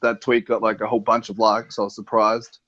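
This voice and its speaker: A man's voice: fairly low pitch, flat delivery, brisk, a bit bright. An Australian man co-hosting a gaming podcast, talking in an eager, chatty way as a keen fan. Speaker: podcast co-host. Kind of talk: casual gaming chat. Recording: slightly dull lo-fi podcast audio.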